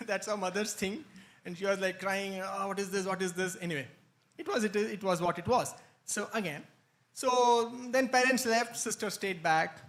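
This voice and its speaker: A man telling an anecdote at a spiritual retreat, animated and laughing often. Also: high voice, measured pace. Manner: animated storytelling, frequent laughs. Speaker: retreat speaker. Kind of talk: anecdotal talk. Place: hall, live-streamed.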